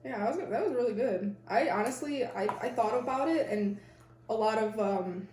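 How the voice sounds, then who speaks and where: A woman's voice: fairly high pitch, normal speed, a little mellow, reverberant, far from the mic, a little hiss or hum. A woman interviewing someone, reading prepared questions in a casual, hesitant way with many fillers.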